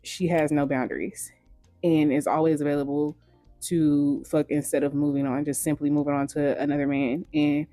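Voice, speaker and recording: Blunt woman commentator, mellow dry voice. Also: low-pitched, level tone, normal speed, no echo, soft background music. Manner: blunt, frank, swears casually. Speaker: commentator in a played video. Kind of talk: scripted commentary voice-over.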